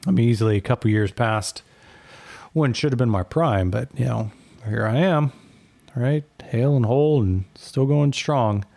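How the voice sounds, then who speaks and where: A gruff, fatherly old general, voiced by a man, speaks low and mellow with a gravelly edge. He talks calmly and folksily, like a veteran leader in a tabletop role-play. The sound is dry and close. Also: normal speed, no echo, close to an everyday voice. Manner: calm, folksy, calls others son. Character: gruff aging male army general, fatherly.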